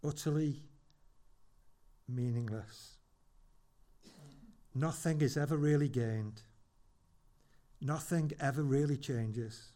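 A man preaching a sermon as pastor in church, conversational and wry with dry humorous asides, slowing down to land emphatic points. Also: mid-range voice, mellow. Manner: builds to slow, emphatic points.

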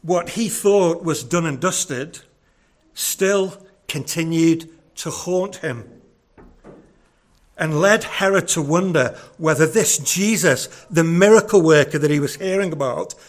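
Male preacher, higher-pitched, conversational sermon delivery with earnest repeats. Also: slow pace.

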